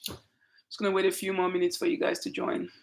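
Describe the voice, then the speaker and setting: A woman with a Nigerian accent hosting a casual livestream, greeting viewers by name in an emphatic, lively way. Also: on the low side, a little fast, creaky. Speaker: channel host.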